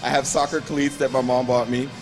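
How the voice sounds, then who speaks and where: A young man with a Grenadian accent tells his story in an easygoing interview at a gym, laughing often and taking on the voices of the people in it. His voice sits at a middle pitch, and faint music plays behind him. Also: brisk. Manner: animated storyteller who acts out quoted voices and laughs often. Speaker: interview guest, bodybuilder.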